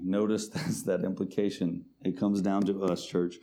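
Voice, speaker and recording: Preacher, male, lowish dark tone, emphatic sermon delivery. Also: flat delivery. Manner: preaches to the congregation, reads scripture slowly with emphasis. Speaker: pastor.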